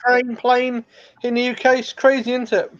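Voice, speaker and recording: Man from the UK, high voice, emphatic casual chat, dull lo-fi call audio. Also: monotone, normal speed, a bit bright. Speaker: stream guest.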